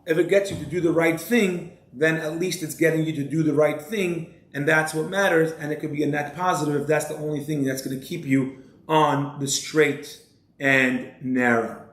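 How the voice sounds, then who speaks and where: A male rabbi giving a measured lecture, posing rhetorical questions to his listeners. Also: on the high side, steady tone. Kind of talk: religious lecture. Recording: roomy echo.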